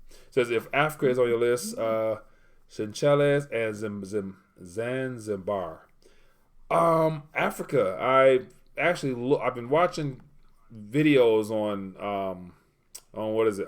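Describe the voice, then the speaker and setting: A man hosting a casual livestream, reading viewer comments aloud and rambling while he looks things up. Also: mid-range voice. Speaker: livestream host.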